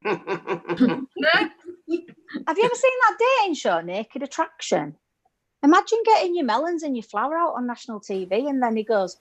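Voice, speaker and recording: A woman's voice: sits high, big pitch swings, normal speed, long pauses, poor audio. A woman in her forties from the UK doing a stand-up set over a video call, chatty and self-mocking, laughing at her own jokes. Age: 40s. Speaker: stand-up comedian.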